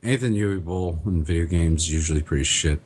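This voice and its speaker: Deep-voiced laid-back man. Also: brisk, a little mellow, breathy edge. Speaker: podcast guest. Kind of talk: casual chat about movies.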